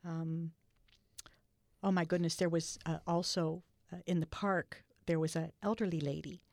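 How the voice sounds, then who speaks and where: An older woman telling stories in an interview, earnest and halting with many restarts. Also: on the low side, steady tone, a little mellow, no room sound. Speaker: guest. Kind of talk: storytelling in a podcast interview.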